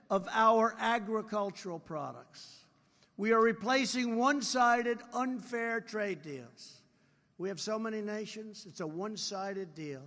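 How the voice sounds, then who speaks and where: A man's voice: high voice, pushed and bright. A man in his seventies giving a rambling political speech at a convention, repeating phrases and adding boastful asides. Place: large convention hall. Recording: hall reverb from live convention.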